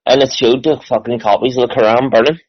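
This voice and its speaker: A man's voice: mid-range voice, fairly even intonation, quick pace. A man, a podcast guest, telling stories in easy, sweary casual chat. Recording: dry, slightly muffled lo-fi.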